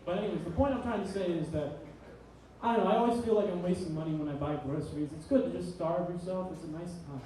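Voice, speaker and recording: Echoey, distant young stand-up comic. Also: male voice, high-pitched, quick pace, dark tone, a little hiss or hum. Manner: rambling, profane, self-deprecating storytelling. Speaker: student stand-up comedian. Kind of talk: stand-up comedy set. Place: small live comedy venue. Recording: very echoey room, distant mic.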